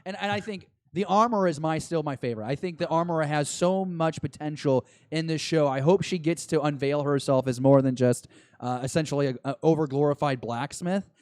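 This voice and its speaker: A man co-hosting a podcast, chatting excitedly and rambling as an eager fan. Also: a little high, a little fast, dry recording, clean studio sound. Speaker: podcast co-host. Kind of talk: casual chat.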